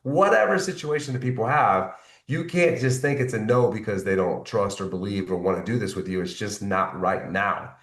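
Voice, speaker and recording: A network marketing team leader coaches his team on following up on sales, sounding motivational, repeating his points and often checking in with "right?". His voice sits on the low side with a fairly bright tone, at normal speed with hardly any pauses. The mic is distant in an echoey room.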